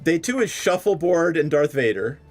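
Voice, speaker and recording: Male game master, casual and animated, a bit higher-voiced. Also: moderate pace, faint music behind. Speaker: dungeon master. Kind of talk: running a tabletop game, casual.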